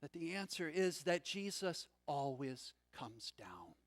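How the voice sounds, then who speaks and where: A man preaching a sermon as a first-person story, dramatic, swinging from loud passages to hushed, low ones. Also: very animated, takes it slowly. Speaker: pastor.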